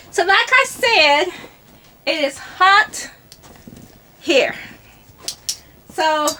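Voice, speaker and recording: A chatty older woman talks to her viewers in a high, bright voice. She laughs a lot and mutters to herself. Her voice sits a little back from the mic. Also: recorded from a distance. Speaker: travel vlogger. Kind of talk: casual chat to camera.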